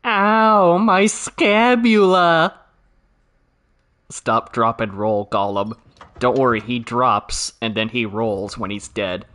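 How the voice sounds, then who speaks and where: Joking game streamer, lively voice. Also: male voice, on the low side, slow. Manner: joking, sarcastic, talks to chat. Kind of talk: casual game commentary.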